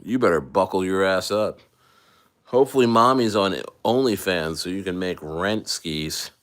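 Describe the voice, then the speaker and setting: A man's voice: sits low, moderate pace, a bit bright. A man chatting casually on a livestream, loose and rambling with jokes and restarts, a little tipsy from wine. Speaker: crypto livestreamer.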